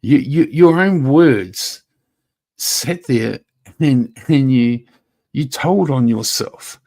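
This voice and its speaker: A man's voice: medium pitch, animated, slow, darkish tone. Guy going off on a live stream, mocking some rival, lots of swearing, keeps restarting his words. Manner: confrontational, taunting, profane; talks straight at a rival, repeats himself. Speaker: YouTube livestreamer. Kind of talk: livestream rant.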